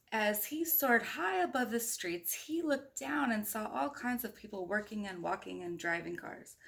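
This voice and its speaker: A woman reads a children's picture book aloud and chats with the listeners between pages. She sounds playful and a bit high-voiced, with noticeable vocal fry. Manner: playful, chatty, talks to listeners. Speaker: storybook reader. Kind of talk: children's read-aloud with chatty asides.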